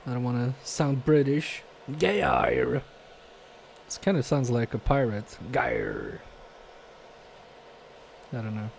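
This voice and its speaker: A man's voice: medium pitch, fairly even intonation, fairly quick, hardly any pauses, dark tone, a little hiss or hum. A man casually live-streaming a repair from his home workbench, reading viewer chat aloud and muttering to himself with self-mocking humor.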